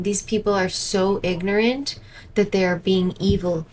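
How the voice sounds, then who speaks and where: A woman's voice: medium pitch, steady tone, measured pace, a little mellow, a little hiss or hum, poor audio. Indignant woman ranting over a clip. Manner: indignant, exasperated. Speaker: vlogger reacting to a protest video. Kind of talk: casual reaction commentary. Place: indoors at home.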